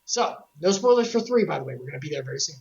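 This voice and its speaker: Animated joking woman streamer. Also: deep voice, vocal fry, highs cut off. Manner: excitable, joking, quick asides to chat. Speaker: streamer recapping a video game series. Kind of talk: casual streamed commentary.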